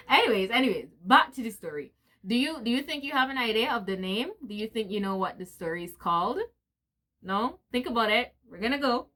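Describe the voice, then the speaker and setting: A woman storyteller reading a story aloud, animated, who breaks off now and then to chat with viewers. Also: on the high side, brisk.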